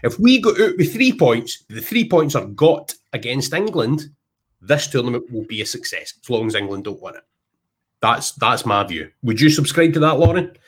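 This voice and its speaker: Chatty Scottish man, husky voice. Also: medium pitch, big pitch swings, moderate pace. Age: 30s. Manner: chatty, jokey storytelling. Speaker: podcast host. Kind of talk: casual podcast chat.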